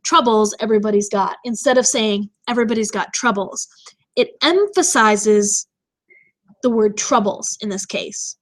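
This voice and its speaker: A woman teacher giving a recorded vocabulary lesson, explaining terms with frequent pauses and restarts. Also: mid-range voice. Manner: explanatory, with many fillers and restarts.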